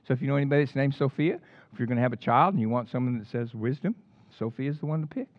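An older man preaching a sermon in an animated storytelling way, with casual slang. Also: mid-range voice, racing, no echo. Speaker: pastor. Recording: dull lo-fi dry recording.

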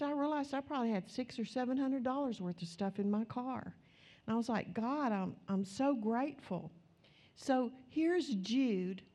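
A woman's voice: medium pitch, dark tone. Woman preaching in a storytelling manner. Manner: storytelling, acts out conversations; earnest, conversational preaching. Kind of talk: sermon.

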